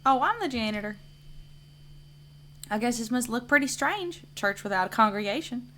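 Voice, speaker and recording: A calm, musing church janitor, read by a woman. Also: fairly high pitch, normal speed, slight background noise, pitched above the performer's own voice. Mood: reflective. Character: a reflective male church janitor, calm and philosophical.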